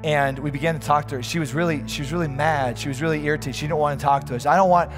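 A man's voice: a little high, steady tone, very fast, music in the background. A man preaching a fervent sermon as a pastor, stumbling over restarts as he tells a story.

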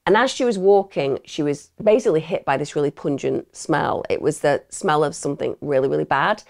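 A woman host talking through a true crime case in a blunt, opinionated, conversational way. Her voice sits low with a gravelly, creaky texture. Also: brisk, a little mellow.

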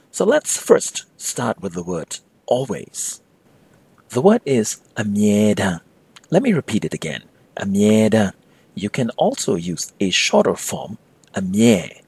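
Husky-voiced man teaching a language lesson. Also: mid-range voice, no room sound. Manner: slow, careful repetition of example phrases. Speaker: language instructor.

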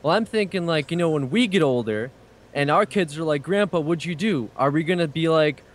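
A young man calling in to a gaming podcast, joking deadpan and swearing casually. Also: on the high side, a little fast. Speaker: caller. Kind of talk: casual call-in chat.

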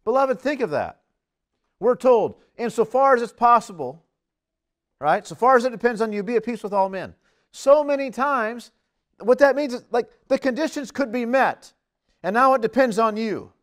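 Male preacher with a high voice, earnest and emphatic, mid-sermon. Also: moderate pace. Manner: earnest, emphatic, lively swings in pitch and loudness.

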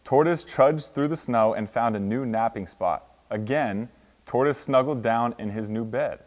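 A man's voice: medium pitch, unhurried. Young man reading a picture book aloud. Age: 20s. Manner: steady storybook reading with sound effects. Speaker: college football player reading to children. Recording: long hall reverb.

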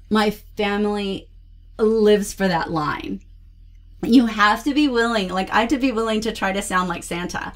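A woman's voice: medium pitch, normal speed. A woman hosting a casual book review, talking enthusiastically and expressively as she shares read-aloud tips. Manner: enthusiastic, expressive, gushing about books. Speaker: host reviewing children's books.

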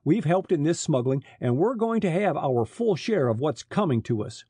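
A man's voice: fairly high pitch, big pitch swings, normal speed, mellow, husky, no room sound, studio quality, pitched above the performer's own voice. A man voicing a hesitant but stubborn smuggler standing up to his boss, in an audiobook. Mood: wary.

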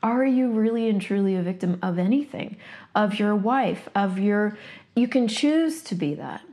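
A woman's voice: medium pitch, expressive, moderate pace, warm tone. Blunt, emphatic woman coach. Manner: blunt, emphatic, swears freely; reads passages aloud from a workbook. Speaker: coaching facilitator. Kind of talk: motivational monologue.

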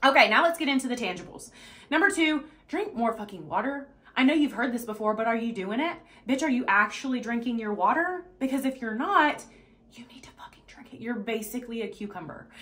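Bright, blunt-talking woman fitness coach. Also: on the high side. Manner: blunt and profane, emphatic; repeats "okay?" and "right?" to check in. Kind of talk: casual motivational vlog.

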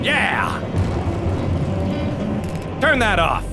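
A young man commentates a horror game into a mic at his computer. He is excitable, bursts into yells and jokes, and his voice is high and swings widely in pitch. He speaks at an unhurried pace. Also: music in the background. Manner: excitable, yelling and joking. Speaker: gaming video host.

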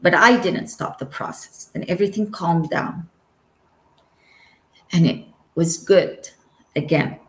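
A woman telling of her near-death experience as a guest, in an earnest way and acting out the words spoken to her. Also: fairly low pitch. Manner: earnest, slow storytelling that acts out remembered dialogue. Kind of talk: personal testimony. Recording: echoey room.

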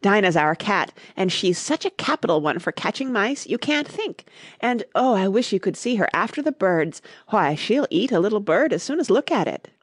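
Lady doing a bright eager little storybook girl, polite, voice jumps around a lot. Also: mid-range voice, expressive, normal speed, hardly any pauses, no echo, studio quality, natural voice. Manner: eager, humble, wistful. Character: polite curious young girl Alice.

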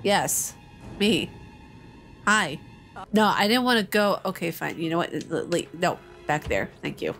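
A woman's voice: on the low side, sing-song, a little slow, creaky, a bit bright, soft background music. A young woman hosting a let's-play, chatting playfully with her viewers as she plays. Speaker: gaming channel host. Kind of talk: casual let's-play commentary.

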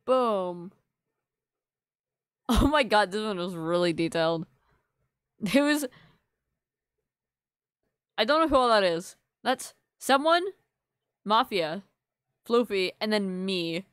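A woman streams live, chatting casually with viewers and teasing them in a playful, mock-offended way. Her medium-pitched voice is clear and resonant with lively intonation, and she takes it slowly with long pauses. There's no room sound.

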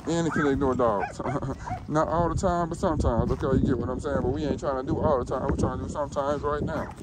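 A man's voice: mid-range voice, fairly even intonation, quick pace. A man vlogging at a dog park, giving playful commands and praise to his dog in a joking, casual way. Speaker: dog owner and trainer vlogger. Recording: outdoor noise, loud background.

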